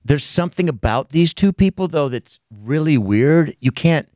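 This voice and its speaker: Fast-talking, profane male podcast host. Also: a little high, dry recording, clean studio sound. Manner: animated profane storytelling. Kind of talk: casual chat.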